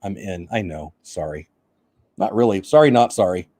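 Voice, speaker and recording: A man's voice: deep voice, expressive, normal speed, dark tone, no echo, clean studio sound. Chatty man hosting a live stream. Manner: chatty, jokey, reads headlines and greets chat viewers. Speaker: host of a live news stream. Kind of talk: casual live-stream chat.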